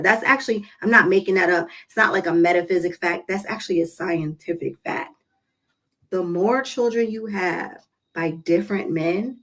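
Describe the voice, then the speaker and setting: Woman vlogger, casual storytelling, emphatic, talks right to her viewers, middle pitch. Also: a bit bright, low-quality recording.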